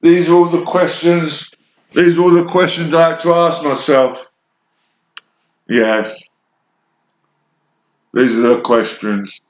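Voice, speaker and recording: Slow, rambling southern English man. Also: on the high side, dull audio. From Kent, England. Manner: fragmented, jumping between memories in short bursts. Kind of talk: rambling personal monologue. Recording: echoey room.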